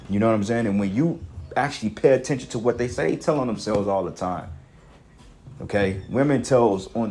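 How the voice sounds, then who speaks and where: A man's voice: lowish voice, a little mellow, a little hiss or hum. A man commentating on a video clip in an angry, profane rant, emphatic and full of restarts. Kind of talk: heated reaction rant.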